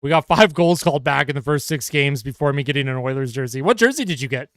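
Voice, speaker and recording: Bright, crisp-voiced fan streamer. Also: male voice, mid-range voice, lively intonation, quick pace, no room sound, studio quality. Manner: exasperated, swearing, rants at calls. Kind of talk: live fan reaction and play-by-play commentary.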